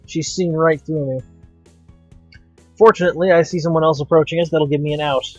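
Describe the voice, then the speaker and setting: A man's voice: a little high, steady tone, fairly quick, husky, no echo, lo-fi sound, soft background music. Man dramatically reading a visual novel. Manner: dramatic, wry narration. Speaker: let's play host.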